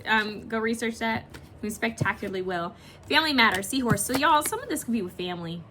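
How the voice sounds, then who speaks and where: A woman giving a casual pick-a-picture card reading, chatty and rambling, often pausing to search aloud for a word. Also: a little high, expressive, pushed and bright, a little hiss or hum. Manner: swears and laughs casually while talking. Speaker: tarot card reader.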